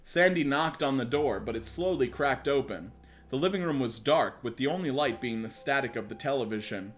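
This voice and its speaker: A young male streamer with a medium-pitched voice reads a story at a moderate pace, soft music playing behind him. It's a casual read he keeps interrupting to joke, laugh, mock, swear and address his chat.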